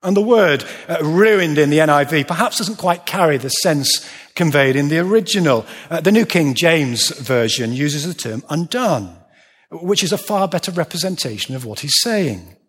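A man preaching a sermon, emphatic, slowing down and dropping low to stress his words. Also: animated, a bit bright, breathy edge. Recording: long reverb of a large hall.

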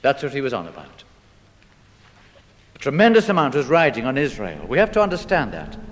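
A man's voice: medium pitch, wildly swooping pitch, a little fast, long reverb tail. A man preaching a sermon, quoting scripture and pressing his point with rhetorical questions and dramatic delivery.

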